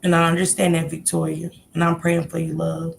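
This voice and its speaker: A woman's voice: sits low, monotone, a little fast, creaky, a little hiss or hum. A woman hosting a casual livestream, talking heartfelt and encouraging as she greets viewers in the chat by name. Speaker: livestream host.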